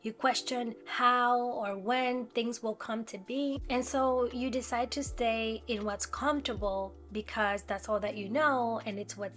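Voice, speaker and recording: Self-help vlogger, woman, earnest and direct, slightly high voice, soft music underneath. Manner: earnest, direct, asks viewers questions. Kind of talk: motivational talk to camera.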